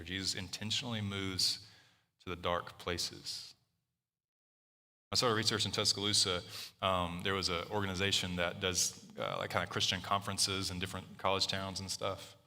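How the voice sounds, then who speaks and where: A male pastor delivers a sermon in a casual, conversational style, often stopping to restart a phrase. His voice sits low and comes across hard and forceful. A long reverb carries it through a large hall. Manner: conversational preaching, frequent fillers and restarts.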